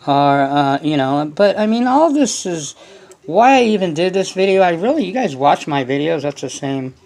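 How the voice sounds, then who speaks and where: A man's voice: fairly high pitch, expressive, normal speed, gravelly, a little mellow. A man hosting a hobby channel, giving a casual, rambling workshop explanation full of fillers. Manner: rambling, loose, many fillers.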